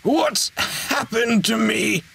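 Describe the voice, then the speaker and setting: A man's voice: mid-range voice, big pitch swings, slow. A man voicing a pompous, proud big male express engine for a storybook, talking in a haughty, grumbling way. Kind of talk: storybook voice acting.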